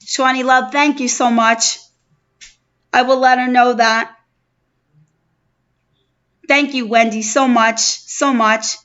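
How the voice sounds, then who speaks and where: A middle-aged woman from New York, speaking with a New York accent, hosts a casual live stream and effusively addresses viewers by name. Her fairly high, fairly bright voice is steady and slow, with frequent pauses. The stream audio is dull and lo-fi.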